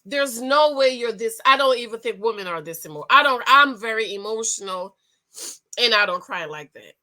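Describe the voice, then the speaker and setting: A woman giving sassy, animated commentary on a reality show, with features and lots of restarts. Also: on the high side, normal speed. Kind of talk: casual opinion review.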